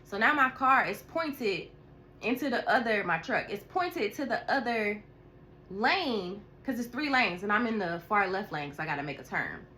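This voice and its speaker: A chatty woman vlogger telling a story in a bright, crisp voice. She is animated and expressive, laughing and sighing as she goes. Faint ambient noise sits under her voice. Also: medium pitch, moderate pace. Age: adult with a school-age daughter. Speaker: tarot reader. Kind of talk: casual storytelling vlog.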